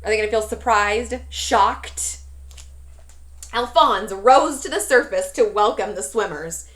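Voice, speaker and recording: A woman teacher reading a storybook aloud to a class, pausing to ask questions. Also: medium pitch. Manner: questioning, expressive.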